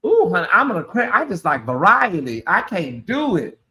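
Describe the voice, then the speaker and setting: A man's voice: high voice, huge pitch swings, normal speed, bright, forceful tone. A man hosting a casual livestream chat, sassy and chatty, calling his listeners honey and y'all. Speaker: channel host.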